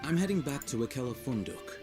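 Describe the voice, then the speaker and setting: An actor playing a cool, calculating male scholar in a game, measured and matter-of-fact. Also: medium pitch, big pitch swings, over music, lightly acted. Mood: detached.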